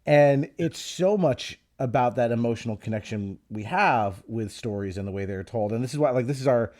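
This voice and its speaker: A man's voice: mid-range voice, expressive, moderate pace, a little mellow. A middle-aged man hosting a podcast, talking in a reflective, enthusiastic way with a lot of "like" fillers. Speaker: podcast host. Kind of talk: casual chat.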